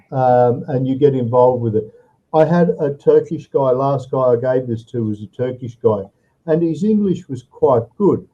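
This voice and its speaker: Heard over a muffled video-call recording, a man with a medium-pitched, warm voice tutors English online. He explains patiently and keeps checking in, ending sentences with "okay?" or "all right?".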